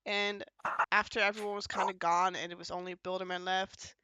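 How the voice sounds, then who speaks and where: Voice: medium pitch, level tone, a little fast, bright, forceful tone, clear, resonant tone, poor audio. A podcast host casually recapping a roleplay event. The host rambles with lots of fillers, jumps from point to point and acts out quoted lines.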